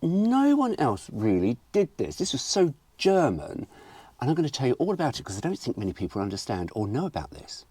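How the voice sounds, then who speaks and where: A man hosts a casual car vlog. His husky voice swings up and down a wide range. He rambles cheerfully through jokes and asides. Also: medium pitch, brisk, dry recording. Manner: animated, jokey, rambling. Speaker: host.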